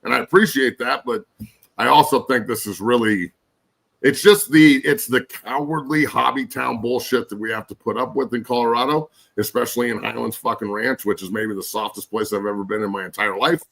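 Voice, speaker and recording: A man's voice: medium pitch, brisk, vocal fry, fairly bright tone, husky, rough recording. A man in his forties, a guest and former pro football player, ranting angrily and cursing in casual podcast chat. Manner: angry, profane ranting.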